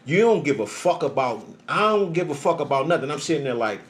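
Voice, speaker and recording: Profane, animated man telling a story. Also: a little fast, slight background noise. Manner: animated, profane street talk with frequent "right?" checks; swings between low calm murmur and loud heated outbursts. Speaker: storyteller recounting his experience. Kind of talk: casual monologue.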